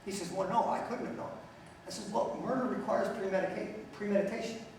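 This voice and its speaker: Speaking to an audience in a very echoey lecture hall, a middle-aged man uses a high-pitched, steady, slightly mellow voice at a slightly fast pace. He tells stories bluntly, jokes, and asks the crowd questions; he's far from the mic, with a little hiss or hum.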